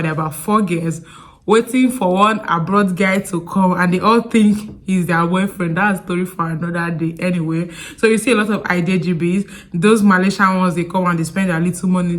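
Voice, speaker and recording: A woman with a thick Nigerian accent talks straight to the camera in a sit-down storytime vlog. She is chatty and animated and keeps wandering off into side stories. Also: fairly low pitch. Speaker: vlogger.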